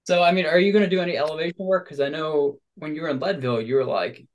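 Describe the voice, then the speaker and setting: A man hosting a podcast, talking in a chatty, upbeat and animated casual conversation. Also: a little high, fast talker. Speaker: podcast host.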